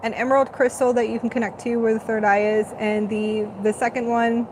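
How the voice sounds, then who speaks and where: A woman's voice: a little high, flat delivery, fairly quick, background noise. A woman hosting a live spiritual channeling talk, speaking in a dreamy, rambling, gushing way.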